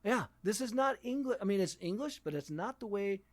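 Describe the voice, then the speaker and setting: Male English teacher, fairly high voice, drives points home in relaxed chat. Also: brisk, dry recording. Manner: emphatic, repeats points for stress. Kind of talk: casual conversation.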